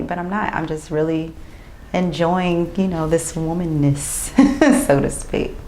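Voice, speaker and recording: A woman's voice: lowish voice, echoey room. A young woman, a new mother, talking candidly in an interview, getting emotional and acting out her own thoughts. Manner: emotional, laughs and tears up while talking; chatty, acts out her own inner voice.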